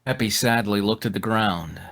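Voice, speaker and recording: A man narrating a live comedic fanfic reading in a plain, steady manner. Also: fairly low pitch, moderate pace.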